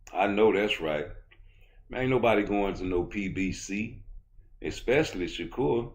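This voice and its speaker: A middle-aged man with a Baltimore accent and a very low voice holds forth on boxing in blunt, profane street talk. He swaggers through his opinions and gets louder when he is heated. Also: lively intonation, a little slow. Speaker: boxing commentator on YouTube. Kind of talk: casual opinion rant.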